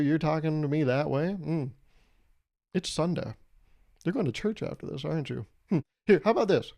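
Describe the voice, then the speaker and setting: A man's voice: on the high side, warm tone. A young man hosting a solo podcast, riffing in a wry, rambling way and acting out little scenes. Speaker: podcast host. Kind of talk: solo comedic monologue.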